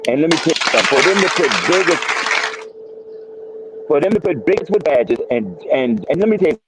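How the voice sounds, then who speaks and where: A man's voice: fairly high pitch, animated, fairly quick, a bit bright, a little hiss or hum. A man telling his story as a podcast guest, emphatic and repetitive, often restarting his sentences. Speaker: guest, retired federal marshal. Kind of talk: casual storytelling interview. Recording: dry, slightly dull sound.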